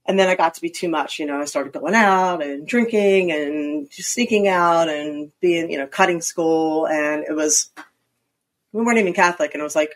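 A middle-aged woman from Philadelphia, chatting as an interview guest with quick, self-mocking asides. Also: low-pitched. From Philadelphia area, US. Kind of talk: casual interview chat.

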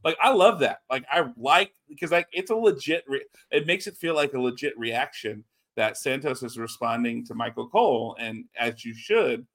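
A man co-hosting a casual wrestling podcast, talking in a rambling, animated way with lots of restarts. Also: mid-range voice, moderate pace, few pauses. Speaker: podcast co-host.

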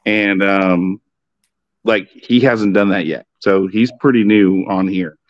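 A man talking in a relaxed, loose way, swearing freely as he explains, with a fairly low voice. The sound is dry and a little dull, like a modest home mic. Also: slow pace, no room sound. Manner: laid-back, profane, explanatory. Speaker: podcast guest on wrestling. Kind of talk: casual chat.

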